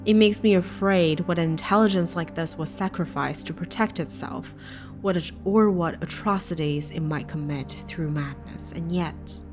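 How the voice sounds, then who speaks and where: A cool, calculating schemer from a sci-fi game, read out by a woman in a lowish voice. The delivery is measured and quietly persuasive. Clear music plays behind the voice. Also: lightly acted. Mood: scheming.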